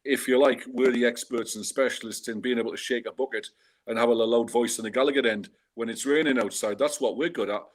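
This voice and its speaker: A man of mid pitch tells a rambling story on a fan talk show, chatty and digressive. He drops in wry asides as he goes. His tone stays easygoing and conversational throughout. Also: fairly even intonation, fairly quick. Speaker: guest fan and food bank organizer. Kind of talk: casual anecdotal storytelling.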